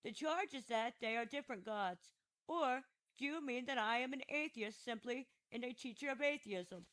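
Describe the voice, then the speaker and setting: A woman's voice: a little high, normal speed, fairly bright tone, close to an everyday voice, low-quality recording. A woman narrating an audiobook voices an aging male philosopher who defends himself at trial with patient, ironic questions. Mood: ironic questioning. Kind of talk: audiobook reading of a classic dialogue.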